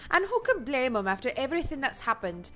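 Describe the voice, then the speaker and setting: A woman voicing a gruff male seafaring innkeeper in a shaky put-on brogue, reading game dialogue aloud. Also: high-pitched, big pitch swings, fast talker, sharp tone, faint music behind, pitched above the performer's own voice, exaggerated voice. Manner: wobbly put-on pirate-style brogue.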